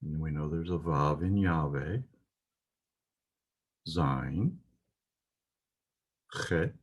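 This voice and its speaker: A man with a husky voice teaching a lesson, reading words slowly and carefully with some pauses. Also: extremely low pitch. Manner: spells out words carefully, pausing with "uh". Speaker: Hebrew teacher. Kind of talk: slow, deliberate lesson.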